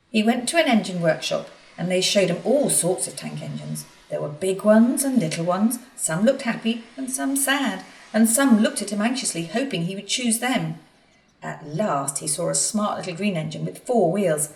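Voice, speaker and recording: A woman narrates a children's story with clear, expressive storytelling. Her voice sits low but moves widely. She is heard from a distance in a roomy space. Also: moderate pace. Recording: echoey room, distant mic, faint music.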